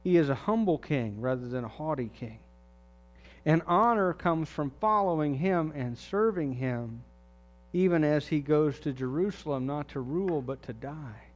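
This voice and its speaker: Slightly high-voiced man preaching earnestly. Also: lively intonation, moderate pace, highs cut off. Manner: earnest, direct questions to the congregation. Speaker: pastor. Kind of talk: sermon.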